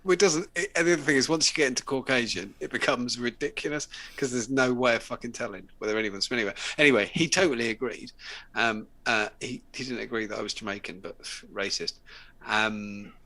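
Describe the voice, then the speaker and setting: A man's voice: mid-range voice, a little fast, pushed and bright. A man, hosting a casual live chat show, chatty and sweary. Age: late 30s. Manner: sweary, chatty, laughs often. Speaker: host.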